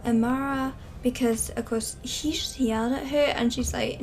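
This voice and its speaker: A woman's voice: a little high, normal speed, few pauses, darkish tone, a little hiss or hum. Chatty woman telling a game story. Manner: chatty, filler-heavy with "like". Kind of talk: casual game story narration.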